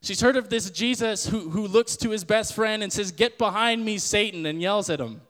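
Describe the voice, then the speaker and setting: A young man hosting a podcast, giving a casual sermon-style Bible talk in an animated way and acting out the voices he quotes. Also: high-pitched, normal speed, long reverb tail. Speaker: podcast host.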